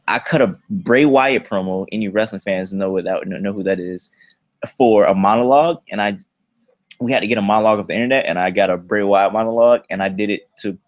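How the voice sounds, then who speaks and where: A young man chatting on a livestream, rambling through a slangy high school story. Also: dry recording, studio quality. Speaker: livestream host.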